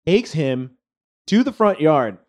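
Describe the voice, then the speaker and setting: A man's voice: fairly high pitch, slow. A young man casually telling a rowdy party story to friends, swearing, laughing and acting out what people said. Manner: animated, laughing, swearing, acts out quotes.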